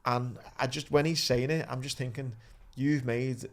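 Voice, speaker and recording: A man's voice: mid-range voice, steady tone, normal speed. A man hosting a casual sports podcast, slangy and easygoing, calling people lad. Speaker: podcast host.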